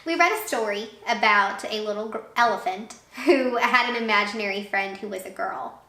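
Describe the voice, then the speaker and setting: A woman teacher reading a picture book aloud to young children in an expressive way, pausing to ask them questions. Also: medium pitch. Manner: warm, expressive, asks questions of young listeners. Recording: echoey room.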